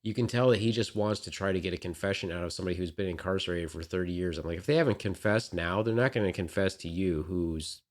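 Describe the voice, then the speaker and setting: A man with a very low voice rants bluntly on a casual podcast. He is opinionated and swears freely, and his talk rises and falls in bursts. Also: fast talker, hardly any pauses. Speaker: podcast co-host.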